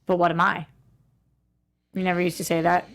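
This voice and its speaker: A woman co-hosting a film news podcast, chatty and quick to laugh as she reads out news items. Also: fairly low pitch, flat delivery. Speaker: podcast co-host.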